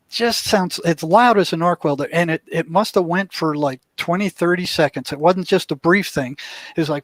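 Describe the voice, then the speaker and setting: An older man with a voice a little higher than most men's tells a story to an interviewer, acting out what people said along the way. The sound is dry and close, with no room around it. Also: no room sound. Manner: vivid storyteller who acts out what people said. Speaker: interview guest, former prison mental health worker.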